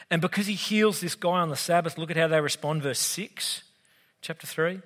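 An Australian man preaching a sermon in a relaxed, conversational way, with humorous asides, as a pastor with young kids. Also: on the high side. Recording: long hall reverb.

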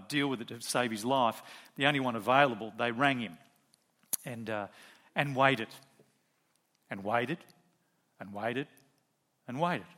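A man's voice: medium pitch, pushed and bright. A middle-aged man preaching a sermon, telling a story and asking rhetorical questions of the congregation.

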